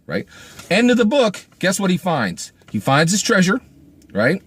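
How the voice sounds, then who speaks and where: Animated man reviewing a book. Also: high-pitched, unhurried, husky, dry recording. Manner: emphatic, keeps asking "right?"; animated, acts out quoted speech. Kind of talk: casual spoken book review.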